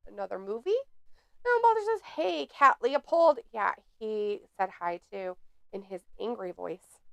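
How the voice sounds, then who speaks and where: A woman's voice: medium pitch, wildly swooping pitch, normal speed, gravelly, darkish tone, no room sound. A woman hosting a live watch-along stream, reading chat aloud in a snarky, sarcastic way.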